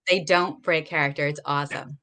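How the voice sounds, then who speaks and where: A woman hosting a casual chat, relaxed and answering in brief replies. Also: sits low, fairly quick. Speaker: host.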